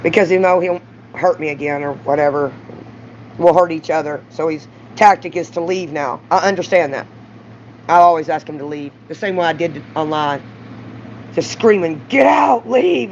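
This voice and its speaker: A woman's voice: lowish voice, a little mellow, a little hiss or hum. A middle-aged woman from Mississippi with a Southern accent, rambling bluntly and profanely to camera in a confessional vlog, voice rising at times. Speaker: vlogger. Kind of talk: raw confessional monologue to camera. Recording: dull lo-fi recording.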